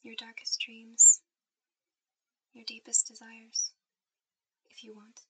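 Woman, whispered role-play sleep guide; bright, airy whisper held on one flat, level tone. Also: a little high, slow, breathy edge, low-quality recording. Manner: soft intimate whisper, guiding to sleep. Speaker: ASMR performer.

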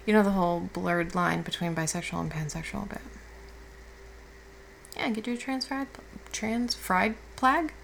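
A woman playing a caring girlfriend who has just woken up, speaking softly and reassuringly with casual swearing in an audio role-play. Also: fairly low pitch, moderate pace, vocal fry, pauses often, slight background noise, poor audio. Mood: tender. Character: affectionate young woman, the listener's caring girlfriend.

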